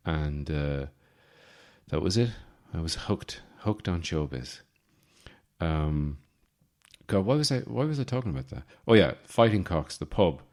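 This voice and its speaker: This podcast host is an Irishman in his forties with a low voice and an unhurried delivery. He rambles through a deadpan comedic monologue, often restarting and using fillers.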